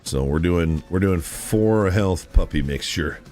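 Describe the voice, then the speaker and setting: A man's voice: low voice, measured pace, soft background music. A man chatting casually with viewers on a gaming live stream, rambling through stories and blurting out reactions. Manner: animated, rambling storyteller who blurts out reactions.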